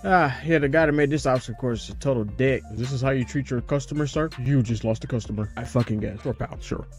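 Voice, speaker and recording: A man giving casual, swearing commentary while playing a game, squealing and shouting at jumps and singing bits of rap. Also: medium pitch, fairly quick, faint music behind. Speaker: gaming streamer. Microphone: headset or desk mic with face cam.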